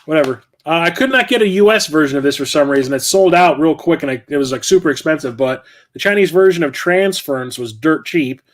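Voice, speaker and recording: Rambling man, higher voice. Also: lively intonation, brisk, few pauses. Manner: rambling, profane, self-correcting. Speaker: game collector and channel host. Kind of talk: casual vlog chat.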